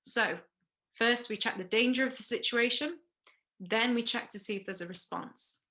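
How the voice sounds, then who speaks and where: Teaching first aid in a recorded lesson, she explains the steps one by one, breaks to ask questions, and keeps checking in with "okay." Her pitch is fairly high, with a pushed, bright quality.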